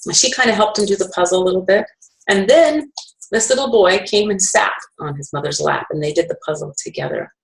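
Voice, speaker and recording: A woman's voice: medium pitch, fairly quick, vocal fry, poor audio. A middle-aged woman presenting essential oils, telling a personal story in a chatty way with fillers and self-corrections.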